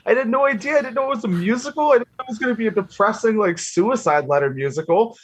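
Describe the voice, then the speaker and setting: A man's voice: sits high, expressive, quick pace, slightly rough. A man guesting on a movie podcast, rambling in casual chat full of "like" and the odd curse. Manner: rambling, profane, many "like" fillers.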